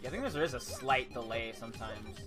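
A man's voice: medium pitch, expressive, a little fast, music in the background. A man streaming a video game, muttering and rambling casual asides to himself. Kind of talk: casual live-stream gameplay chat.

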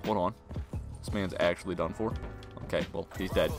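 A young man commentating his own gameplay in a casual, slangy way, muttering to himself and then yelling at the game. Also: low-pitched, fairly even intonation, normal speed. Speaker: gaming video creator. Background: game music and gunfire.

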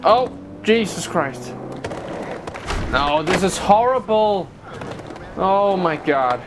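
A man's voice: high voice, very animated, slow pace. A man commentating a skateboarding game playthrough, talking through his frustration with exclamations and self-mocking asides. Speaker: gameplay streamer. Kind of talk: let's play commentary. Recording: noisy recording.

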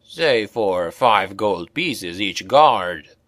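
A man doing a gruff greedy dwarf. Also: expressive, very slow, fairly bright tone, no room sound, clean studio sound, exaggerated voice. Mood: gruff scorn. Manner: low, grumbling, scornful.

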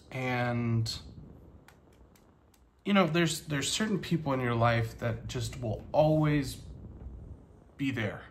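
A man in his thirties talking casually to the camera, halting with many pauses, earnest and grateful. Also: medium pitch, slight background noise. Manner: halting, soft-spoken, many ums and pauses. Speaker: vlogger and teacher.

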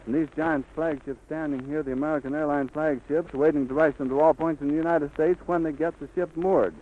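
On a dull, lightly hissy 1930s disc recording, a man delivers a live radio report from the scene. His voice runs on the high side, fairly even and fairly quick, as he gives vivid, flowing eyewitness description.

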